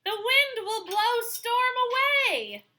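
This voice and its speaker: A woman voicing an anxious, bossy farm dog in a storybook, calling out alarms in a hurried voice. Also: very high-pitched, big pitch swings, pushed and bright, voice pushed up, exaggerated voice. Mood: eager. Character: panicky high-voiced farm dog, urgent.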